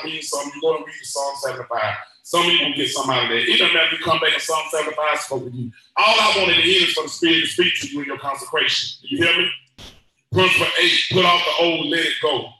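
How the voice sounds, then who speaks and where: A man preaching at a church teaching session, playful and joking, then rising to shouted exhortation. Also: on the high side, very echoey, low-quality recording.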